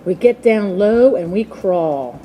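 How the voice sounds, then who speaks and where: A woman voicing a calm, know-it-all young female chick who gives instructions in a matter-of-fact way. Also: mid-range voice, slow, lo-fi sound, a little hiss or hum.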